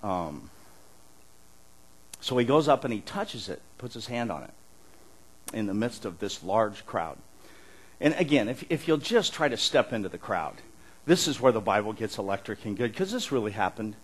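A middle-aged man preaching a conversational sermon as pastor, animated, often restarting his words and chuckling as he talks. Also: on the low side, moderate pace, long pauses, poor audio.

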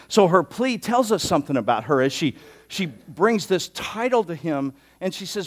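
A man's voice: on the high side, very animated, moderate pace. A man preaching an expository sermon as a pastor, conversational and given to joking asides.

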